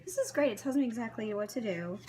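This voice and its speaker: A home cook chats to the camera in her kitchen while chopping vegetables and cooking, thinking aloud as she follows a recipe for a casual vlog. Her voice is on the high side, animated and fast. Knives, dishes and pans clatter in the background noise.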